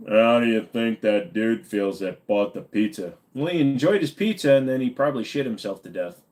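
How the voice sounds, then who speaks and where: A man's voice: fairly low pitch, expressive, normal speed, a little mellow. A tired man hosting a casual live stream, rambling and joking crudely with viewers, saying he feels dizzy. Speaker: livestream host.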